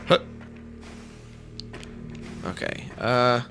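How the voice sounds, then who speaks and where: A man hosting a let's play, giving excitable, joking gameplay commentary and swearing often. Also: mid-range voice, normal speed, pauses often. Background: game music.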